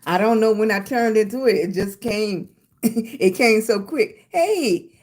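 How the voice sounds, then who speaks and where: A woman's voice: medium pitch, animated, measured pace, a little mellow. An older woman with a Southern US accent, chatting casually on her livestream and thanking viewers by name with endearments like sweetie and baby. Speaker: livestream host.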